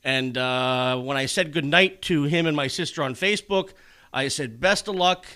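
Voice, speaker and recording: A man's voice: on the high side, normal speed, bright, forceful tone. A man ranting in casual chat, swearing a lot and sarcastic.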